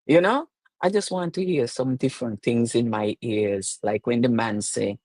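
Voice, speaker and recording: A woman's voice: rumbling low, big pitch swings, normal speed, a little mellow, breathy edge, no room sound. A middle-aged woman with a Jamaican accent hosting a live-streamed chat show, telling stories in a playful, teasing way and slipping between patois and standard speech. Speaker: show host.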